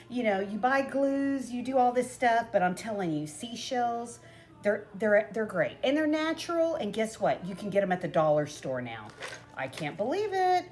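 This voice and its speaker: A bubbly middle-aged woman hosts a casual craft video. Her pitch swoops up and down as she chats, and she breaks into laughs between rambling asides. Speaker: crafting vlogger. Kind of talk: chatty craft tutorial.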